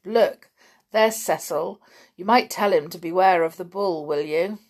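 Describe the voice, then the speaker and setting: A woman reading aloud, voicing a cheeky, excitable farm boy in a bouncy, high-spirited way. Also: unhurried.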